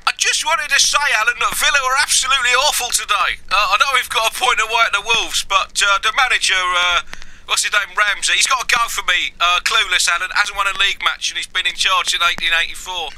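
A man's voice: high voice, fast, sharp tone, pitched above the performer's own voice, low-quality recording. A man putting on an aggrieved football fan calling in to complain to a radio host, rambling and ranting. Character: gruff old-time football fan phoning in, grumbling.

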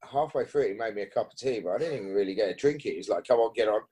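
Man, husky voice, rambling casual podcast talk, lots of swearing and restarts, guest on a chat show. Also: lowish voice, animated, racing, mellow. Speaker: podcast guest, BMX rider.

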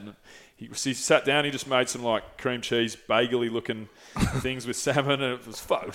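A young man talks in a loose, candid way, swearing often and restarting his sentences as he tells a story. His pitch sits in the middle for a man, and the talk is an easygoing, casual chat. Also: a little fast, a bit bright. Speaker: podcast host.

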